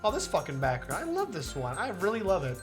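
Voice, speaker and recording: A man's voice: high-pitched, huge pitch swings, quick pace, music in the background. A young man streaming a visual novel, chatting casually, laughing often and swearing freely. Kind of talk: casual live-stream commentary.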